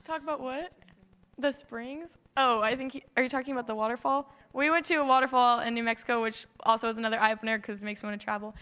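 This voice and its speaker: Bright-voiced teen girl giving a testimony. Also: fairly high pitch, fairly even intonation, fast talker. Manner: tearful and earnest, tumbling sentences. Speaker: youth mission trip member. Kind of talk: emotional testimony in church.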